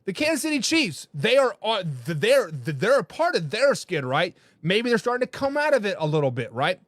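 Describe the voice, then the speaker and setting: Animated high-voiced man hosting sports talk. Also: fairly quick, no room sound, studio quality. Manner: animated, reads viewer comments aloud. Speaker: host. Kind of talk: casual sports talk show.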